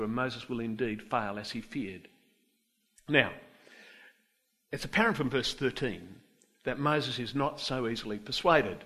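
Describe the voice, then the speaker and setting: An Australian man preaching a sermon in church, swinging from forceful emphasis to quiet, low stresses. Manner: emphatic, rises and drops sharply for stress.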